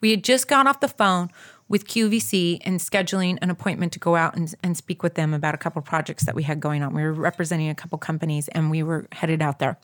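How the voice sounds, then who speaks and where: A woman telling a personal story in a casual, animated way, talking straight to her listeners and skipping details with quick filler. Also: sits low. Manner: animated, addresses listeners as "you guys"; fills gaps with "da, da, da".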